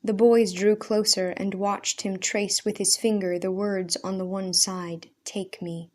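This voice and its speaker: Measured woman storyteller. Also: mid-range voice. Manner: measured, expressive narration. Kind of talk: audiobook chapter reading.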